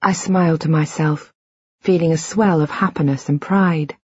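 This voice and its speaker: A woman reading a first-person audiobook in a measured, reflective, quietly intimate way. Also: deep voice, fairly even intonation, slightly rough, no echo, lo-fi sound. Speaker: audiobook narrator.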